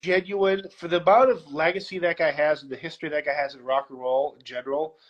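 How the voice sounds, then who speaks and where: Male guest, high voice, animated storyteller, casual interview, muffled lo-fi recording. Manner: animated storyteller, puts on quick voices in anecdotes. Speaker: guest, security director.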